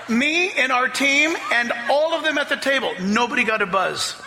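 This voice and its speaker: A man pastor preaching a sermon and telling a story, climbing to loud, excited peaks. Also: very high-pitched, normal speed, hardly any pauses, long reverb tail, heavy background noise. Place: church sanctuary.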